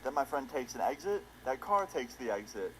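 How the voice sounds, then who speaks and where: A man's voice: mid-range voice, sing-song, a little fast, fairly bright tone, rough recording. A young man casually narrating a storytime video in a laid-back, slangy way with casual swearing. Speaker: storytime YouTuber.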